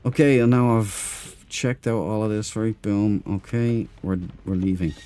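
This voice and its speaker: Low, mellow-voiced Irish man streaming a game. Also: fairly even intonation, a little slow, slight background noise. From Ireland. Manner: chatty and rambling, talks to chat and in-game crew. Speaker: gaming streamer. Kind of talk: casual commentary over gameplay.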